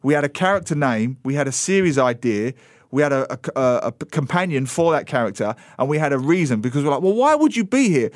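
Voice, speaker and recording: A middle-aged man, a book author as the radio interview guest, telling an animated story and slipping into voices for quoted people. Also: mid-range voice, fast, no room sound, clean studio sound. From Britain.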